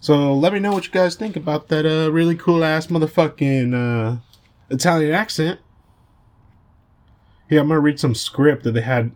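A brash male podcast host talking in a casual monologue. His voice sits a little higher than most men's, and he boasts and swears freely. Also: moderate pace, a little mellow.

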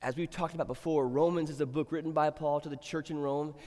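A middle-aged male pastor preaching in a church sanctuary, his fairly high voice ringing through a long hall reverb. He talks in a relaxed, chatty way and then swells into emphatic exhortation. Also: fast. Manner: conversational, builds to emphatic exhortation. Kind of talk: sermon.

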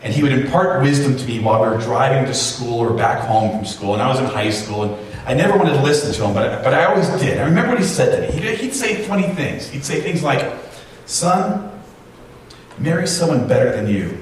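Pastor preaching in a very echoey hall. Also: male voice, medium pitch, expressive, fast talker. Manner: storytelling, self-deprecating humor. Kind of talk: sermon. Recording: very echoey hall, distant mic, faint noise.

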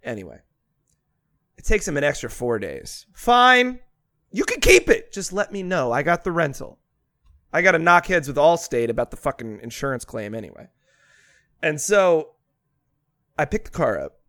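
A man co-hosting a podcast, telling a story in a casual, animated way with plenty of swearing. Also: fairly high pitch, normal speed, long pauses, no echo, studio quality. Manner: animated, profane storyteller with swinging loudness. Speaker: podcast co-host.

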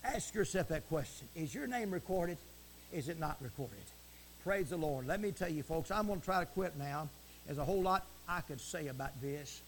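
A man preaching a fiery broadcast sermon from the pulpit, swinging from shouts to hushed asides and repeating stock phrases. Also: fairly high pitch, expressive, normal speed, a little hiss or hum. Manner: repeats stock phrases like praise the Lord and it is written.

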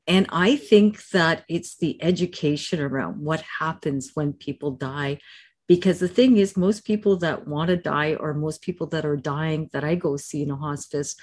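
A man co-hosting a casual talk show as a psychic medium, speaking in a calm, reflective way. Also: a little high, moderate pace. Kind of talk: casual chat.

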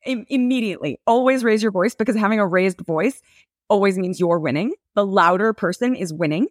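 Thirties woman guest, dry sarcastic comic delivery, mid-pitched voice, no room sound. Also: fairly quick, no room sound. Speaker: guest, public defender. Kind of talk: deadpan comedic podcast banter.

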